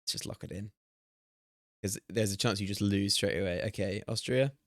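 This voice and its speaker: A man in his twenties streaming casually, excitable, swearing and chatting to his viewers. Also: fairly low pitch, normal speed, no echo, clean studio sound. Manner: excitable, swears and laughs often, talks to chat. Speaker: streamer hosting a watch party. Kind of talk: casual live-stream chat while playing a guessing game.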